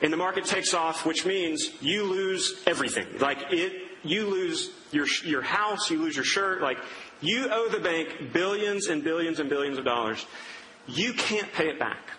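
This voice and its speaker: A man's voice: a little high, expressive, moderate pace, sharp tone, slight background noise. A young man preaching a sermon in a casual, storytelling way, acting out quotes. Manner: conversational, storytelling with acted-out quotes. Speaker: pastor. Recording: reverberant hall with faint ambience.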